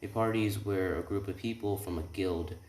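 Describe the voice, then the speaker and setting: A man's voice: on the low side, fairly even intonation, a little fast, a little mellow. A young man improvising a fan-fiction story, rambling and correcting himself as he goes. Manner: rambling, self-correcting, lots of "he's like". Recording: roomy with keyboard clicks.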